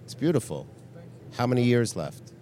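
A man from Canada hosting a comedic street interview, asking teasing, provocative questions in a dry, deadpan way. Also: medium pitch, normal speed. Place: city sidewalk outdoors.

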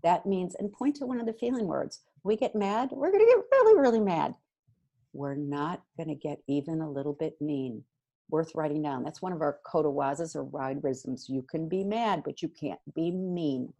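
A middle-aged woman, a guest expert, giving parenting advice in an energetic, emphatic conversational way. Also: deep voice. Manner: energetic, emphatic, quick bursts of repetition.

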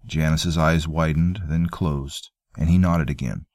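A man reading a fantasy story aloud in a measured, even storytelling manner. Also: extremely low pitch, dry recording, clean studio sound. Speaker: audiobook narrator. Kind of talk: scripted fantasy narration.

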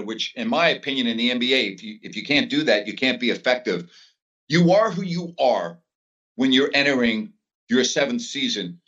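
Bright-voiced man, distant and dull. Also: mid-range voice. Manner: emphatic, builds to heated rhetorical questions. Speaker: sports talk co-host. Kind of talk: casual sports debate.

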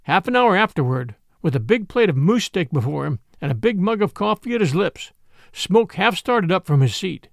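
A man's voice: high voice, sing-song, normal speed, vocal fry, dry recording, studio quality. A man narrating an adventure story as host and storyteller, in a dramatic audiobook reading. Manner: dramatic audiobook reading, voicing each character. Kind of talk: scripted narration.

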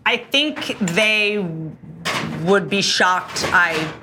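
A woman comedian as a guest in casual banter, riffing fast and rambling with lots of fillers. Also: mid-range voice, animated, noisy background.

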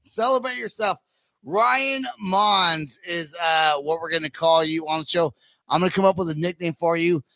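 Man, podcast host, high bright voice, dry close sound, excitable, rambling, profane. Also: moderate pace, dry recording. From United States. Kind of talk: casual podcast chat.

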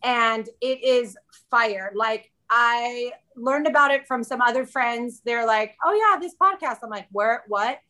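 A woman's voice: a little high, steady tone, slow, pushed and bright. A woman in her thirties, a podcast guest in casual chat, candid and chatty, often quoting herself.

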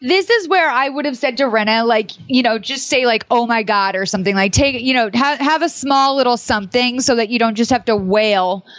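A woman's voice: fairly high pitch, fairly quick, few pauses, a bit bright, dry recording. A woman co-hosting a casual chat, wry and rambling with lots of fillers. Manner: wry, chatty, many fillers like "like" and "um". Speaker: podcast co-host. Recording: dull, dry lo-fi sound.

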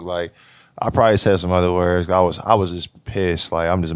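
Young man, deep even monotone, laid-back slangy storyteller, interview guest. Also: moderate pace, no echo. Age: 20s. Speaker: college basketball player, guest.

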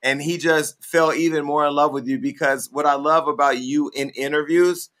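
A man's voice: on the high side, steady tone, moderate pace, fairly bright tone. A man hosting a casual interview, asking long, rambling questions with many fillers. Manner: rambling, chatty, hesitant questions. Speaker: host.

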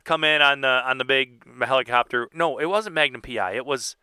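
A man's voice: mid-range voice, a little fast, bright, forceful tone, smooth, no echo, clean studio sound. A man in casual podcast chat, joking and chiming in with asides. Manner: jokey, chimes in with asides. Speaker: podcast co-host.

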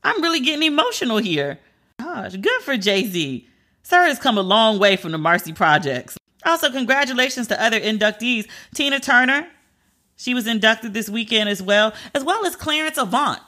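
Host brief: woman, bright forward tone, candid chatty celebrity-news commentator, emphatic asides. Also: fairly high pitch, lively intonation, normal speed. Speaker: pop culture commentator.

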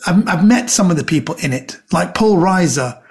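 A man's voice: high-pitched, lively intonation, moderate pace. A middle-aged man, a comedian guest on a podcast, chatting casually and telling rambling stories, acting out the quotes.

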